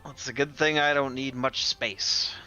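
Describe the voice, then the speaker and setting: A man's voice: medium pitch, steady tone, moderate pace, pushed and bright, clean tone, muffled recording, soft background music. A man playing a tabletop game, speaking politely in character. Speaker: player.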